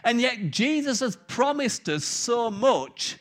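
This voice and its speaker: Male preacher, high voice, animated storytelling. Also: takes it slowly. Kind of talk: sermon.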